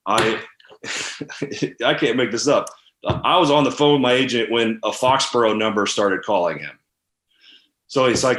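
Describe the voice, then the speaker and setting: A man in his thirties, a former football player, telling candid stories from his career in a casual, animated interview. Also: on the low side, normal speed, roomy sound. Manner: animated, candid storytelling with fillers. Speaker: podcast guest, former NFL tight end.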